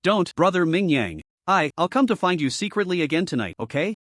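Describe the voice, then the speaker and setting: A man's voice: high-pitched, sing-song, a little fast, dry recording, studio quality. A man reading as a shy young woman. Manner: soft, pleading.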